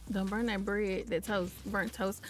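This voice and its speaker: A woman's voice: mid-range voice, little pitch movement, a little slow, soft background music. A woman giving casual, playful commentary on a life-simulation game, chatting to her viewers and to the characters on screen. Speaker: gameplay commentator.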